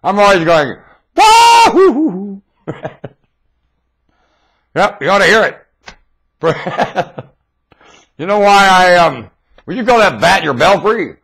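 A man with a husky, bright-edged voice rambles into his webcam, his pitch leaping all over the place. He talks slowly and draws out his words, going from low mutters to excited outbursts. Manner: theatrical, erratic, swings from mutters to excited shouts. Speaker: self-styled webcam broadcaster.

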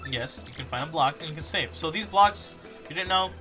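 A young man chats casually through a let's play and jokes at his own expense. His voice sits a little high, and game music plays steadily behind him. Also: lively intonation, a little fast. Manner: goofy, self-mocking. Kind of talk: casual gameplay commentary.

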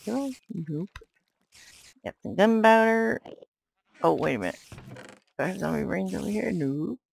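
A woman giving let's play commentary, yelling at enemies and muttering to herself. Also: on the low side, animated, brisk, creaky, a little hiss or hum, rough recording. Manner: exclaims and yells at enemies, then mutters to herself. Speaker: gamer.

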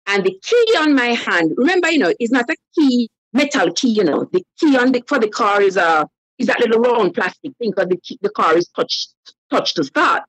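A woman tells her story on a call-in show in a high, animated voice. She slips into the voices of the people she quotes. The sound is dry and close. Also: normal speed, husky, dry recording, rough recording. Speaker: caller. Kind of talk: telling a personal story on a live call-in show.

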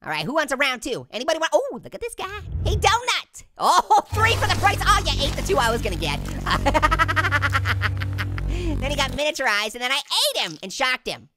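A man's voice: very high-pitched, wildly swooping pitch, normal speed, heavily acted. A man voicing a cheeky, hyper talking orange who giggles constantly while he trash-talks through a let's-play game commentary, goofy and boastful with potty jokes. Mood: giddy, taunting. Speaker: gamer. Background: game music.

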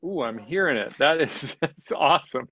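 A man's voice: a little high, lively intonation, sharp tone, breathy edge. Chatty man presenting on a panel, dull audio. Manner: chatty, halting restarts, laughs often. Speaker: gallery presenter. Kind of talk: casual panel chat. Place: convention panel stage. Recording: slightly dull, dry audio.

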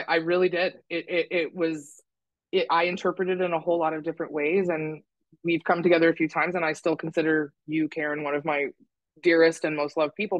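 A woman's voice: low voice, dry recording, poor audio. A woman guesting on a podcast, talking candidly and critically about herself, with some swearing for emphasis. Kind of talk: candid conversational chat.

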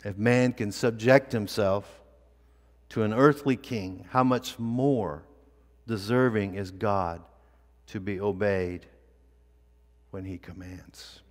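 A male pastor preaching a sermon in a church, with deliberate, emphatic delivery and repeated phrases for weight. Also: lowish voice, big-room sound. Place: church sanctuary.

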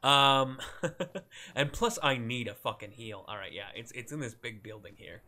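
Streaming a modded game, a young man talks at a measured pace in a medium-pitched, pushed, bright voice. The commentary wanders and pokes fun at himself, broken up by frequent laughs, curses and yelps at scares.

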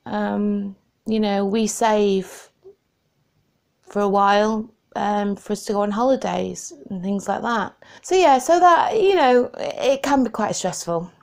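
A woman's voice: mid-range voice, vocal fry, darkish tone. A woman answering interview questions about her family at home, hesitant and full of ums, emotional at times. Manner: hesitant, many ums, emotional and laughing through tears. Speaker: interviewee, wife of the video maker.

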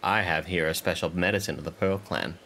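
Man reading as a soft, fussing clan elder. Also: sits low, brisk, slight background noise, pitched below the performer's own voice. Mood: soothing. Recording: game music playing under voice.

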